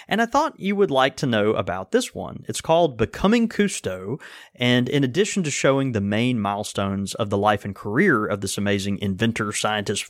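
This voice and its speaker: A man's voice: medium pitch, no room sound, studio quality. Stammering, friendly male podcast co-host. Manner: reads listener mail aloud. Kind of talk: casual chat.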